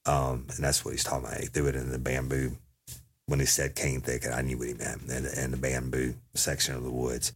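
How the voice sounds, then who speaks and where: A man's voice: very deep voice, completely flat delivery, a little fast, breathy edge. A man telling an audience about a police interrogation, casual and profane, acting out the quoted dialogue. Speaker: storyteller recounting a police interrogation.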